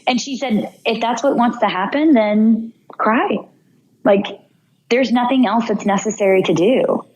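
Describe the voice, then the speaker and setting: A young woman appearing as a podcast guest tells a personal story vividly, acting out her own inner voice. Her voice is a little high and darkish in tone, at a measured pace, on a lo-fi recording.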